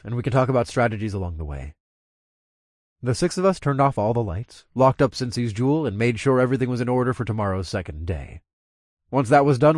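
A man narrating first-person fiction as an audiobook, with expressive storytelling. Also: mid-range voice, dry recording, clean studio sound.

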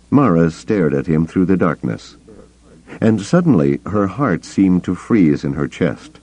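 Slow, gravelly-voiced male audiobook narrator. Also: low voice, sing-song, warm tone. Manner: slow, deliberate. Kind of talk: scripted narration. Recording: dull lo-fi cassette tape.

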